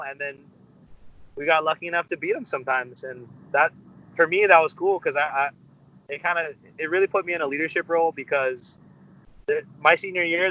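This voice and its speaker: A young musician from Hawaii, with a fairly high, bright, forceful voice, tells a story in a casual interview, using many fillers and restarts. The interview audio is dull and lo-fi.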